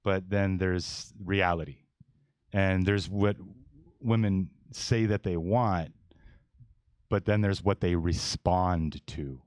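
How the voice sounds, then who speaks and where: A man's voice: deep voice, fairly even intonation, slow pace, a little mellow, dry recording, studio quality. A man in his forties hosting a casual podcast panel, talking bluntly and rambling with many restarts. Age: 40s. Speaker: podcast host.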